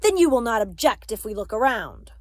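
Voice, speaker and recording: A harsh, booming soldier with a German accent, as a woman reads him, barking demands at full volume. The lines are delivered very dry and close. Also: sing-song, brisk, no room sound.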